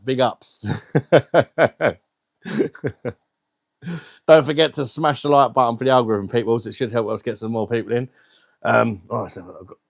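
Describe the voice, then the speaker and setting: This is a young man hosting a live stream at home, speaking into a wireless mic. He is chatty and laughs often as he welcomes viewers by name. His voice sits at a middle pitch, and the sound is dry and close, with no room echo. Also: vocal fry. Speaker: livestream host. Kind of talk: casual live stream chat.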